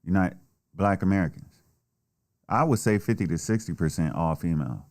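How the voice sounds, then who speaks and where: A man's voice: low voice, moderate pace, a little mellow. A man delivering a blunt, heated, heavily profane solo political rant. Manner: blunt, heated, swears often. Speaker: political commentator.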